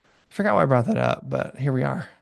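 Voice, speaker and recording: A man's voice: mid-range voice, wildly swooping pitch, quick pace, vocal fry, dry recording. A man speaking as a podcast guest in casual conversation, rambling and acting out little bits of dialogue. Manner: rambling, acts out voices of friends.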